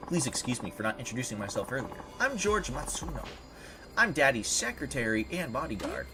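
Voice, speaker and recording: A man voicing a polite, composed male secretary and bodyguard, speaking in a formal, measured way. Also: medium pitch, very animated, background noise, lightly acted.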